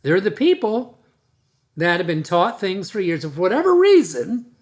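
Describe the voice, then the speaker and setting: Male dentist host: blunt, emphatic delivery with a slightly raised pitch and a lively, swinging intonation. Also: normal speed. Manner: blunt, emphatic, rambling with restarts. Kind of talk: podcast monologue on leadership.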